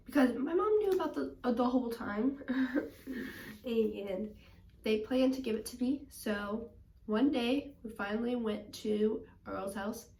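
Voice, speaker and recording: A woman's voice: a little high, slight background noise. Gushing young woman in an echoey room. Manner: chatty and gushing, many "like" and "um" fillers. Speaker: reptile vlogger. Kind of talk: casual storytelling to camera. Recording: echoey room, voice a bit far from the mic.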